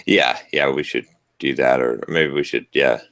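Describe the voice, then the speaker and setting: A man with a very low but bright, forward voice chats on a podcast, hesitating, restarting and letting his sentences trail off. The sound is close and dry. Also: steady tone, normal speed, vocal fry, no echo. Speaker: podcast co-host. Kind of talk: casual podcast chat.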